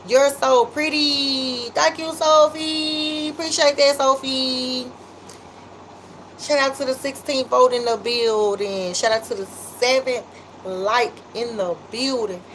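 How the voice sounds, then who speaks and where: A woman with a Memphis accent chats on a livestream, reading out comments and shouting out her viewers. Her voice sits a little high and she talks in a loose, drawn-out way. There is a faint hiss under the recording. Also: rough recording. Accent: Memphis, Southern US. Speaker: livestream host.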